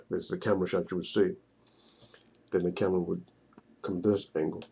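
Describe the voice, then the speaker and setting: A man narrating a walkthrough of his own screenplay storyboard, halting and often repeating words. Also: low voice, little pitch movement, creaky, dark tone, slightly rough, highs cut off. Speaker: writer pitching his screenplay.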